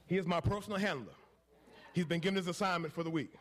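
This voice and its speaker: A male pastor preaching a sermon, swinging between quiet asides and shouted, repetitive declarations. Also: high voice, quick pace, slight background noise.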